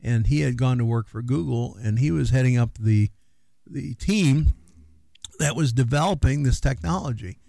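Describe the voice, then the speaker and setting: A man's voice: mid-range voice, normal speed, vocal fry, mellow, no echo. A middle-aged man co-hosting a radio show in loose, rambling casual chat with many fillers. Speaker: radio co-host.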